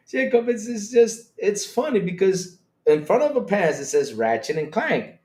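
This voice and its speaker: Giggly, swearing man streaming in a roomy space. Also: sits high. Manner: giggly, swearing, breaks into laughter constantly; talks to chat directly, animated and excitable. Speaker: streamer host. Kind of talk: casual live-stream reaction chat. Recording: roomy echo.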